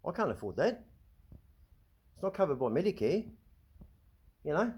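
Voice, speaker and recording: A middle-aged Australian man rants into the camera, slightly higher-pitched than most men, agitated and swearing freely. He trips over his words, repeating and restarting as he vents. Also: big pitch swings, normal speed, a little mellow, slightly rough. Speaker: vlog host. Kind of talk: ranting monologue.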